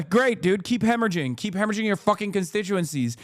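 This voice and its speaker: An American man doing live political commentary on a stream, talking fast, sarcastically and with heavy swearing. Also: high voice, lively intonation, no echo, studio quality. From United States. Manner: sarcastic, fast, profane ranting.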